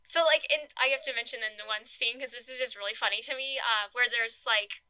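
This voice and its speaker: A young woman co-hosting a casual film podcast, animated and giggly, with lots of "like" and "um". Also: on the high side, a little fast, clear, resonant tone, no room sound, poor audio. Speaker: podcast co-host. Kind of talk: casual film discussion chat.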